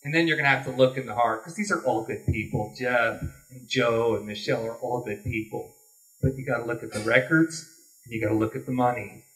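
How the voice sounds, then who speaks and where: A man's voice: mid-range voice, a little fast, a bit bright. A man running for governor, giving a folksy, earnest closing statement at a candidates forum. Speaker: political candidate. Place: meeting hall forum. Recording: distant room mic.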